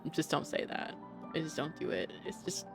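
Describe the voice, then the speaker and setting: A woman's voice: sits low, very animated, brisk, gravelly. A woman streamer giving casual live commentary over a game, chatty, gushing, and prone to rambling tangents. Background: game music.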